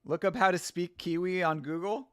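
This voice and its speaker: Casual male host, slightly high voice, sarcastic and salty, dry close mic, live watch-along. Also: normal speed, dry recording. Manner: animated, profane, sarcastic, laughs often. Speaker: show host.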